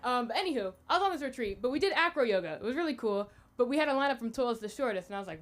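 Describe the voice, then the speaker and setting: Young American woman comic, rambling and chatty, high voice with a very lively swing. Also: rapid-fire, hardly any pauses. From United States. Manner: chatty, rambling, lots of fillers. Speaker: open mic comedian. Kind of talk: stand-up comedy.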